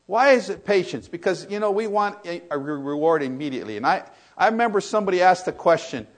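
An older man preaching a sermon, telling stories that swing from loud, excited retellings to quiet reflection. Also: quick pace, few pauses. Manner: storytelling, rises loud and high in excitement, drops to soft and low when reflective.

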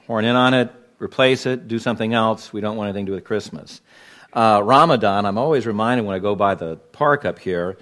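A man from Los Angeles preaching a sermon to his congregation, pointed and emphatic, leaning hard on key words. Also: mid-range voice. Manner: emphatic, pointed preaching with sudden loud stresses. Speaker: pastor.

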